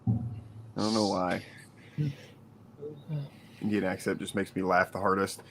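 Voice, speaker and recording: A man's voice: low-pitched, little pitch movement, a little slow, vocal fry, a bit bright, slight background noise. A man co-hosting a casual podcast chat, rambling and laughing often, with many fillers like "like". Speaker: podcast co-host.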